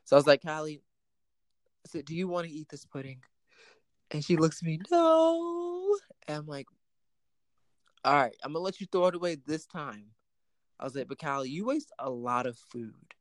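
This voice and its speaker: A man's voice: a little high, a little fast, pauses often, dry recording. A man hosting a casual chat, telling a personal story with plenty of quoted dialogue.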